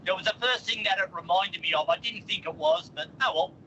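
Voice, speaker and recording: A man's voice: high-pitched, fast, bright, forceful tone, lo-fi sound, slight background noise. A man calling in to a radio show, laid-back and self-mocking. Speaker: caller. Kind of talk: casual phone-in chat.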